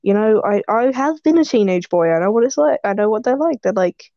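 A woman's voice: mid-range voice, lively intonation, fairly quick, warm tone, no echo, muffled recording. A teenage girl chatting casually as co-host, rambling and laughing a lot. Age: teens. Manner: giggly, rambling, self-deprecating. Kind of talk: casual chat.

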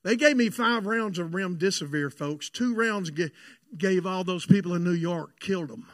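A pastor preaching a sermon and telling a personal story, fervent and confiding by turns. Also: male voice, sits high, moderate pace, dry recording. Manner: fervent, swings between shouted preaching and hushed confiding storytelling.

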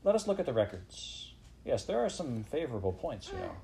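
A man voicing a gentle but authoritative male figure who sounds hopeful and sad, in an audiobook. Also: mid-range voice, sing-song, fairly quick, gravelly, voice pushed up, low-quality recording. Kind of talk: audiobook character reading.

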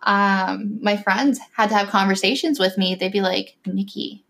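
A woman's voice: medium pitch, steady tone, normal speed, gravelly, fairly bright tone. A young woman talks casually, stringing her story together with endless "like" fillers. She drops in little acted-out bits of what people said, keeping the tone loose and conversational. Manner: chatty storytelling, constant "like" fillers, acts out quotes. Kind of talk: casual chat.

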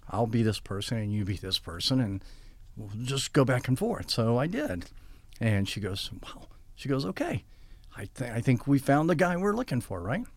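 Here the older male guest is very animated, speaking at a normal speed in a medium-pitched voice on a dry recording. He wanders through long stories for the interview, voicing the quoted lines of dialogue himself.

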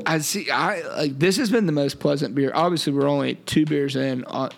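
A young man with a gravelly, slightly raised voice co-hosts a casual podcast chat. He talks in a loose, joking way, full of ums and restarts. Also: a little high, fairly quick. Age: young adult. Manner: laid-back, filler-heavy, joking. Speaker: podcast co-host.

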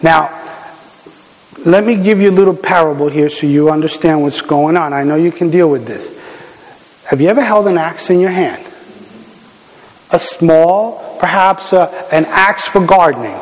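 A middle-aged man with a notably high voice delivers a sermon in a large hall, with long reverb trailing off his words. He tells stories in an animated, conversational way, stumbling and restarting often with "you know." His speech fills the room like a pastor speaking to a congregation. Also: normal speed, pauses often. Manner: animated storytelling with many fillers and restarts.

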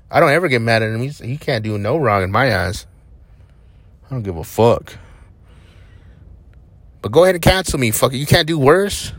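A young man from New Mexico rambles casually on his own podcast, blunt and full of swearing. His voice sits at an ordinary pitch. He records from inside a parked vehicle, and the sound is close and dry. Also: a bit bright, no room sound. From Albuquerque, New Mexico. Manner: profane, blunt and defiant. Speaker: podcast host.

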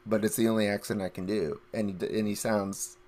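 A man's voice: fairly low pitch, flat delivery, fairly quick, darkish tone. Teasing man cracking crude jokes. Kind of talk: casual chat.

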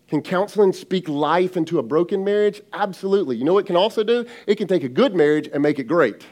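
A man in his thirties, a lead pastor giving an energetic, direct sermon to his congregation. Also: sits high, quick pace, hardly any pauses.

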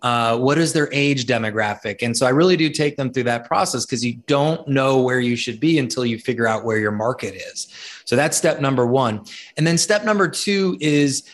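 Brief: a male speaker and author, animated and chatty, repeats words on the way into his sentences. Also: medium pitch, moderate pace. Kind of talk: storytelling interview talk.

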